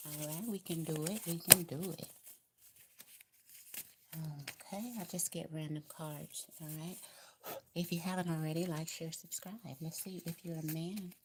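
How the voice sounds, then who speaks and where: A woman's voice: low voice, steady tone, moderate pace, heavy background noise. A woman with a Southern US accent giving a casual tarot card reading, chatty and encouraging, repeating her advice in a colloquial way. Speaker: tarot reader.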